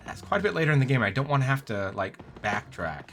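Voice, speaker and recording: A man's voice: mid-range voice, very animated, quick pace, a bit bright, faint music behind. A man casually commenting while he plays a video game, chatty and self-mocking. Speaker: game streamer.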